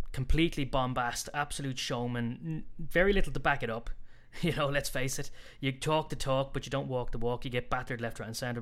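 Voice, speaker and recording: A man's voice: mid-range voice, a bit bright. A man chatting casually as a podcast co-host about sports, talkative and fond of telling jokes. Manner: chatty, tells jokes with put-on voices.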